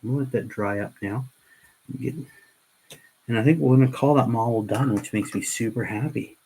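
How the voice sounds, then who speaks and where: A man's voice: mid-range voice, moderate pace, darkish tone, slight background noise, poor audio. A middle-aged man hosting a casual livestream while painting miniatures, rambling and earnest with frequent restarts.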